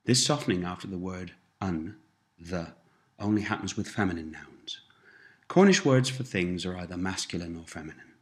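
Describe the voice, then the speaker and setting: A language teacher with a low, animated voice and normal pace delivers a scripted lesson. He prompts words and phrases for learners to repeat and patiently explains how sounds change.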